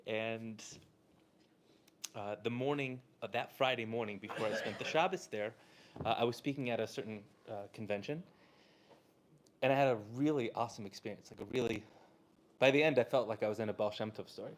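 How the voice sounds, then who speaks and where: A man's voice: medium pitch, a little fast, a little hiss or hum. A man from Southern California, a Torah teacher telling a casual, chatty story to a live audience, full of "like" and "uh".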